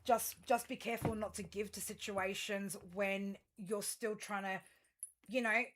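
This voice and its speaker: A woman's voice: medium pitch, steady tone, unhurried, noisy background. Lady doing a tarot reading for viewers, talks in loops with lots of ums, gets blunt and swears a lot, medium voice. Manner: rambling with many fillers and restarts; blunt, emphatic, heavy swearing. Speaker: tarot reader.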